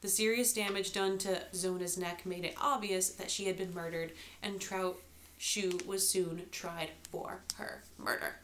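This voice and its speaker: A woman hosting a podcast, telling a historical crime story in a lively narrating voice with light asides. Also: fairly low pitch, unhurried, slight background noise. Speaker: podcast host.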